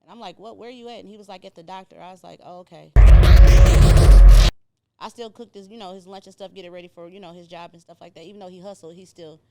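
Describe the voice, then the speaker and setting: A woman's voice: on the low side, fast talker, gravelly, music in the background. A middle-aged woman from Indiana, a podcast guest telling her story in casual talk, acting out what people said. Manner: animated storyteller acting out quoted voices.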